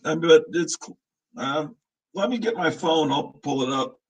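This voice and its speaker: Male host, 50s, husky and a bit high, loose rambling chat with opinions and chuckles. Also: unhurried, poor audio. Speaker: show host. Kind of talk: casual live-stream chat.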